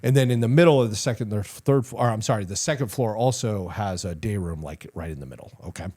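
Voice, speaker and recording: Talking fast in a lowish voice, a middle-aged man who retired as an army sergeant major spins war stories during a casual interview. He's animated and curses a lot, filling his speech with "like" and "you know."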